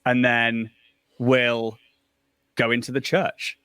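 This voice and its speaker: A man's voice: mid-range voice, monotone, slow pace, a bit bright, clean tone, no room sound, clean studio sound. A man playing a tabletop role-playing game, easygoing and upbeat as he rolls dice and explains his moves. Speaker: player.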